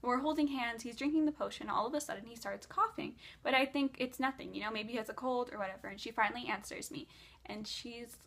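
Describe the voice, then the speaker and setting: A woman's voice: on the high side, quick pace, a bit bright. Rambling woman telling a dream story. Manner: rambling, lots of "like". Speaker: vlogger. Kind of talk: casual storytelling.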